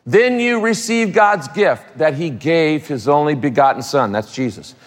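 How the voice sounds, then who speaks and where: A pastor with a fairly high male voice preaches with emphatic, repeated phrases and casual asides. His sermon rings with a long reverb tail from a large church hall. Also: animated, measured pace.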